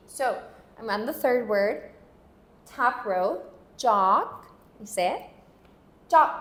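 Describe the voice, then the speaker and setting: Patient woman drilling sounds slowly. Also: fairly high pitch. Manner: patient, loudly over-enunciating each drilled syllable. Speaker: language teacher. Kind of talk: slow phonics lesson with repeat-after-me drills. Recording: roomy echo.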